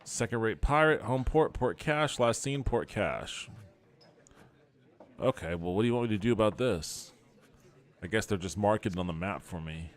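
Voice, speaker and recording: A man's voice: fairly low pitch, expressive, normal speed. A man hosting a podcast, casually commenting on a video game and reading its text aloud with wry asides.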